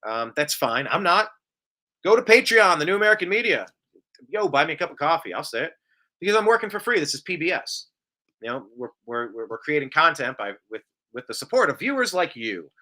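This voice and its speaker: A man's voice: a little high, very animated, a little fast, sharp tone. A man hosting a casual live show, reading out viewer comments and drifting into long, rambling tangents. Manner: rambling, tangential, self-described bloviator. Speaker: show host.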